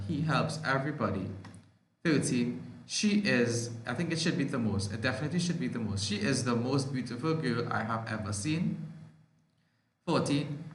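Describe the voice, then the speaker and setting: A man with a Trinidadian accent teaches an online grammar lesson in a bright, forceful voice. He works through examples step by step and poses questions only to answer them himself. The recording is roomy and echoey. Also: mid-range voice. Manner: explains step by step, asks and answers his own questions. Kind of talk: online language arts lesson. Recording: echoey room.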